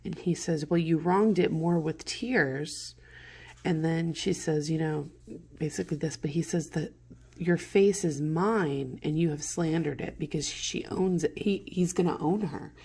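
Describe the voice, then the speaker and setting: A woman teacher reads a play aloud to her students and explains it in casual, modern paraphrase, turning lines into plain everyday words. Her voice sits low and has a darkish tone, her pace is unhurried and conversational, and she clears her throat now and then because of morning allergies.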